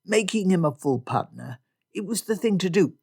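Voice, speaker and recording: A woman's voice: fairly low pitch, animated, normal speed, gravelly, darkish tone, breathy edge, exaggerated voice. A woman doing a clipped, jovial merchant uncle. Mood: hearty. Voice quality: clipped delivery. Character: clipped, jovial middle-aged male merchant.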